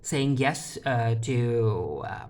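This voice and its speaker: A chatty vlogger giving a casual TV episode recap at a middling pitch. The talk is full of fillers and small restarts. Scenes are retold through quick, paraphrased lines from the characters. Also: animated, darkish tone. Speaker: TV episode reviewer.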